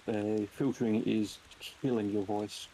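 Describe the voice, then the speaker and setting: A man's voice: on the low side, flat delivery, unhurried, mellow, slight background noise, rough recording. An Australian man chatting and patiently explaining things over voice chat while playing a driving game. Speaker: game streamer. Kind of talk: casual multiplayer game chat.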